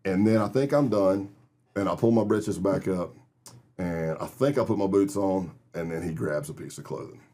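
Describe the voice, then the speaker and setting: A middle-aged man tells vivid stories as an interview guest, acting out the people in them. His voice is low and husky. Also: normal speed, warm tone. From Texas. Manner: vivid storyteller who acts out other people's lines. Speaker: guest, retired FBI agent. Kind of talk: casual storytelling interview.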